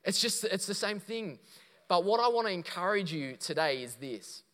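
A man's voice: sits high, animated, normal speed, fairly bright tone. A man preaching a sermon, telling a story and quoting others before building to emphatic points. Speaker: pastor. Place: church auditorium. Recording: long reverb of a church hall.

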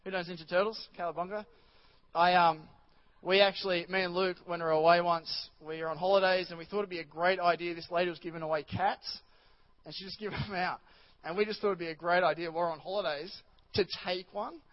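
A man's voice: sits high, fairly even intonation, fast talker, muffled recording. A male pastor preaching a chatty sermon in church, rambling with many restarts and asides to the congregation.

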